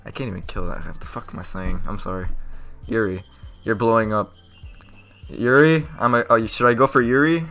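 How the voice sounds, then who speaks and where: A man streaming a game live, reacting loudly with a lot of swearing and nervous outbursts. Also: lowish voice, fairly even intonation, normal speed, faint music behind. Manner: loud, profane, jumpy reactions. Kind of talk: live gameplay commentary.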